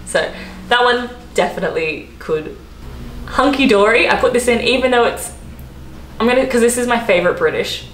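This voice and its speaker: Her voice sits a little high and fairly bright, animated and at a moderate pace. This Australian vlogger giggles and rambles while explaining slang in a casual video, recorded with a roomy echo and faint background noise.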